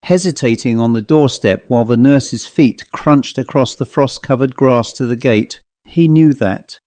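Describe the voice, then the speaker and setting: A male audiobook narrator reads a literary ghost story in a measured, even manner. His voice is dark and mellow at a middle pitch. The recording is dry and close on the mic. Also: no room sound.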